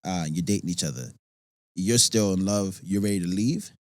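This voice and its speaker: A man from Nova Scotia, an actor guest on a podcast, talking in a rambling, animated way full of fillers. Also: low-pitched, moderate pace, dry recording. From Nova Scotia, Canada. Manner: animated, rambling with many fillers, laughs easily. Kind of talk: casual podcast conversation.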